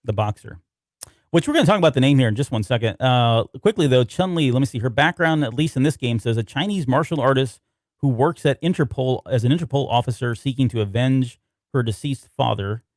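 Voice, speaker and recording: A man's voice: mid-range voice, brisk, no echo. Man chatting casually, dry close sound. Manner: loose, rambling, reads notes aloud. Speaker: podcast co-host. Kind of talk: casual podcast chat.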